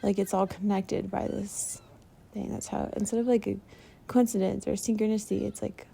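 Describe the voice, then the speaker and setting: Soft, dark-voiced woman rambling in a vlog. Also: medium pitch, little pitch movement, normal speed, vocal fry, slightly rough. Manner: rambling, soft-spoken, trailing off with fillers. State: runny nose from allergies. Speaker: meditation vlogger. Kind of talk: casual diary-style vlog.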